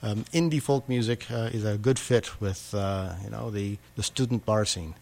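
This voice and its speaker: A man's voice: lowish voice, normal speed, creaky, a little mellow. A man hosting a radio interview, speaking hesitantly with many fillers and repeated words. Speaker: radio host.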